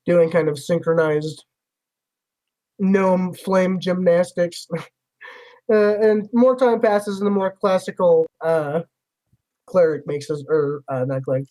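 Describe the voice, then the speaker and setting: A man's voice: fairly high pitch, mellow, low-quality recording. A man narrating a tabletop game as game master in a loose, rambling way, full of fillers.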